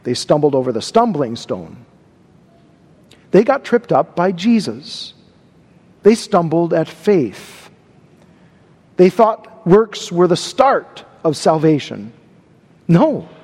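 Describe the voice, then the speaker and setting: A man's voice: a little high, sing-song, slow pace, long pauses, a little mellow, slightly rough, long reverb tail. A man preaching a sermon, stressing and repeating key words. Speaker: pastor.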